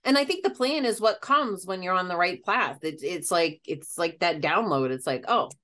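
Chatty woman with a lowish voice. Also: expressive, moderate pace, a bit bright. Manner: chatty storyteller, breaks into laughter. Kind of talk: casual conversation.

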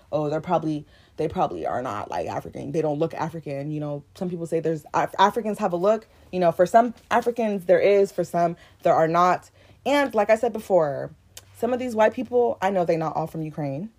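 A young woman co-hosting a podcast, talking in a heated, indignant and animated way in casual chat. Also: mid-range voice. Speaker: podcast co-host.

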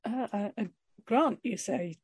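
A woman's voice: a little high, unhurried, a little mellow, natural voice. A woman voicing a polite, hesitant young student. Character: young Welsh student man, polite and eager.

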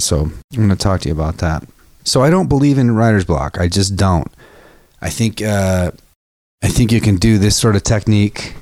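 Low-voiced man, rambling and profane. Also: dark tone, no room sound. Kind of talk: casual talk to camera.

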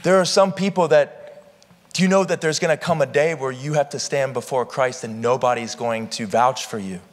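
A man's voice: mid-range voice, moderate pace, long reverb tail. A man preaching a sermon to a live congregation, impassioned and firing questions at the listeners. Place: church hall with live congregation.

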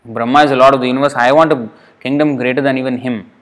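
A man's voice: medium pitch, steady tone, fast, a bit bright, natural voice. A man voicing a stubborn five-year-old prince. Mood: determined. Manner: insistent, repeating himself.

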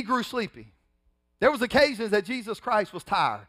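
A pastor preaching a sermon, swinging between loud emphatic rises and hushed drops, acting out scenes in casual, colloquial speech. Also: male voice, sits high, animated, brisk.

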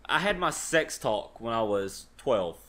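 A man's voice: medium pitch, sing-song, unhurried, fairly bright tone. A young man, a podcast co-host, telling a rambling story in casual chat and swearing freely.

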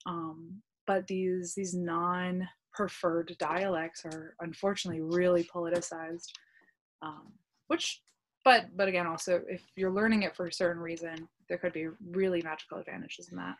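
A woman, a podcast guest, chatting casually and telling stories with quick laughs and acted-out dialogue. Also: lowish voice. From United States. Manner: lively storytelling, quick laughs, acts out dialogue. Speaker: podcast guest, language content creator. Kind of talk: casual interview chat.

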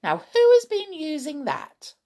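A woman's voice: high-pitched, wildly swooping pitch, a little slow, dark tone, pitched above the performer's own voice, full character voice. A woman voicing a flustered mother fretting over a flooded house in a storybook reading. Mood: puzzled. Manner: fretful, exclaiming.

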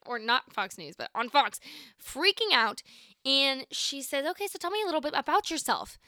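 A young woman of nineteen hosts her own podcast and tells a personal story in a chatty, animated way. Her voice is bright and slightly high. The sound is close and dry, and she keeps acting out both sides of the conversation. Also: normal speed, no room sound. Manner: chatty, animated, lots of "like" and quoted dialogue. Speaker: podcast host. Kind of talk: casual storytelling.

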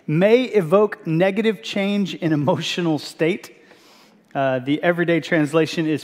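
A man's voice: on the high side, moderate pace, big-room sound. A man preaching a sermon as pastor, telling a funny personal story with self-mocking asides. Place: church sanctuary.

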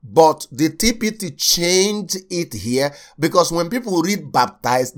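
A man preaching a sermon, repeating key lines slowly for stress and speaking straight to his listeners. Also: fairly high pitch, lively intonation. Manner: addresses listeners directly as sir and uncle.

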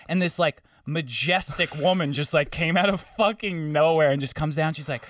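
Animated man telling a story. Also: fairly high pitch, a little fast, hardly any pauses, no echo, clean studio sound, recorded from a distance. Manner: animated, swearing, mimics people he met. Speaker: podcast co-host telling a story. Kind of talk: casual storytelling chat.

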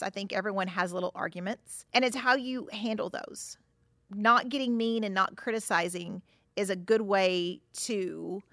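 Frank, bright-voiced woman therapist. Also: mid-range voice, dry recording, clean studio sound. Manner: frank, conversational, acts out example quotes. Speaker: therapist and podcast host. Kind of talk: casual advice podcast talk.

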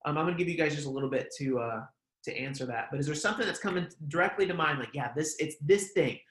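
Male pastor, chatty, filler-heavy, slightly higher voice, echoey room. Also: rapid-fire, fairly bright tone. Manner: conversational, many fillers like "like" and "um". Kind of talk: casual online sermon.

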